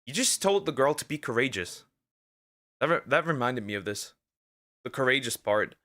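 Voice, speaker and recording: A man streaming as a vtuber, talking in casual react commentary, rambling and halting with lots of fillers and restarts and speaking out bluntly. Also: mid-range voice, very animated, bright, forceful tone. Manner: outspoken, ranting.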